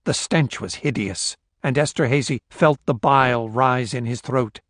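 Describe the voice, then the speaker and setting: The speaker is an audiobook narrator, a man reading a novel in a measured, steady voice at medium pitch. His scripted narration is recorded dry, with studio quality.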